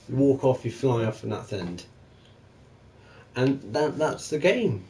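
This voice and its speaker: A man's voice: mid-range voice, a little slow, a little hiss or hum, rough recording. Sweary rambling gamer guy. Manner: profane, rambling, animated. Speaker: gaming channel streamer. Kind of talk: casual rambling chat.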